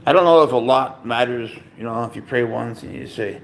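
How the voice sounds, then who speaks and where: Gravelly man rambling at home. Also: mid-range voice, brisk, slight background noise. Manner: rambling, profane, with sudden loud exclamations. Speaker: cat owner and vlogger. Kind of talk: casual rambling chat to viewers.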